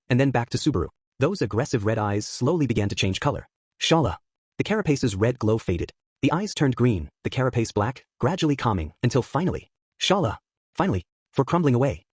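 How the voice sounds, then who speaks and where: A man narrating an audiobook in a steady storytelling manner. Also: mid-range voice, slightly rough, dry recording, studio quality. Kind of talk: scripted narration.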